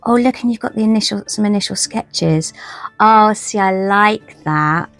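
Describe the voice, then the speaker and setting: A woman talks through her latest finds in a loose, rambling way, often stopping to restart and laughing at her own scattered thoughts. Her voice carries a gravelly, creaky texture at a middle pitch. Soft music plays faintly underneath. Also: normal speed. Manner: chatty, rambling, self-deprecating, many restarts. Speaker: tarot vlogger. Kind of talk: casual haul video chat.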